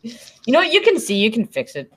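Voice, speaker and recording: A woman's voice: a little high, huge pitch swings, normal speed, fairly bright tone, husky. A woman from Canada joking bluntly and swearing in a casual chat with friends on a stream. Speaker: stream guest.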